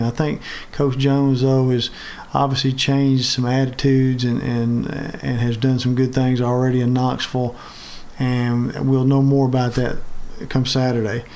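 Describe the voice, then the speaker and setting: Gravelly sports host. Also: male voice, mid-range voice, darkish tone. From Alabama. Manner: halting, many fillers and restarts. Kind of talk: casual sports talk.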